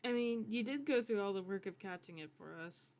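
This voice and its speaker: A woman's voice: mid-range voice, lively intonation, fairly quick, darkish tone. A woman playing in a tabletop game, describing her character in the third person and giggling often. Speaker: player. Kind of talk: casual tabletop role-play.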